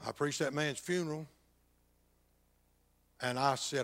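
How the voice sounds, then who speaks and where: An older man, a pastor telling a personal testimony that swings between loud bursts and hushed, near-whispered passages. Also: on the high side, unhurried.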